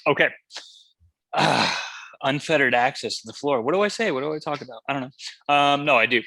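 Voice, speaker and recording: A young man co-hosting a podcast in a relaxed, joking, drawling way. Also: medium pitch, a little fast, creaky. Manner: laid-back, joking, drawling. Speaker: podcast co-host. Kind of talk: casual chat.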